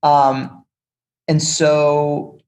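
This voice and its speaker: A young man, a music business executive, talking casually as a podcast guest and telling animated stories with lots of fillers and restarts. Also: fairly high pitch, drawn-out words.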